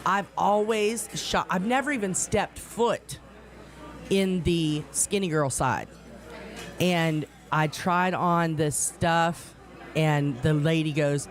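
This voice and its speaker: A woman's voice: lowish voice, slow. A woman, a radio co-host telling a story in casual chat, often laughing. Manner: laughing storyteller, animated retellings.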